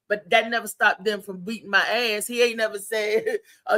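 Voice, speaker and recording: Bright-voiced woman telling lively stories. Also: a little high, normal speed, hardly any pauses. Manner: animated storytelling, laughs often. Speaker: talk show host. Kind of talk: casual chat.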